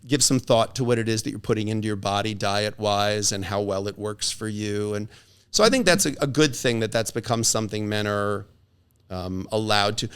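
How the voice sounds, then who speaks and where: A man's voice: lowish voice, smooth. A middle-aged man, a divorce attorney, chatting as a podcast guest and telling stories animatedly while acting out the voices of people he quotes. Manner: animated storyteller who acts out quoted voices. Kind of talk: casual conversation.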